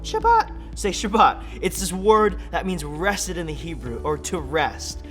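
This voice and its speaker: A young man giving an energetic, playful sermon for children, full of jokes and acted-out voices. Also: a little high, a little slow, soft background music. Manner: playful, animated, acts out silly voices and laughs. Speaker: kids ministry speaker.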